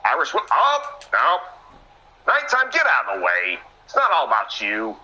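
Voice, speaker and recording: Bright, excitable wrestling commentator man. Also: normal speed, low-quality recording. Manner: excitable, exclamations and sudden pitch jumps. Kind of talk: play-by-play commentary.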